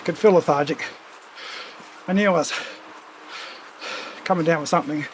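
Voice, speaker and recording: A man's voice: a little high, moderate pace, slight background noise, rough recording. A man with a runny nose from a cold, chatting casually and rambling with asides while riding on a home trainer as a stream host. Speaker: streamer hosting a cycling ride-along.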